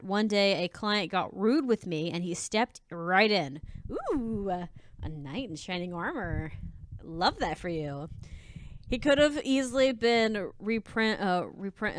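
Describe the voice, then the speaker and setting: A woman's voice: mid-range voice, no room sound. Sassy chatty woman commentator, dry close mic. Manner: sassy, chatty, many restarts and asides. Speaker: commentator reading advice posts. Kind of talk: casual commentary on reader stories.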